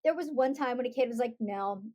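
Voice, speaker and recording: A middle-aged woman, a guest on a podcast, telling stories in a lively way and acting out the voices she quotes. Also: high-pitched, quick pace. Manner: animated storytelling, acts out quoted voices. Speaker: guest, author and parent. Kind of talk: conversational podcast interview.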